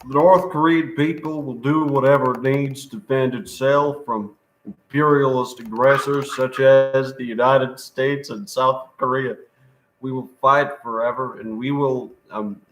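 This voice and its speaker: A man's voice: mid-range voice, natural voice. A man reciting as a stern militant propagandist. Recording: roomy echo.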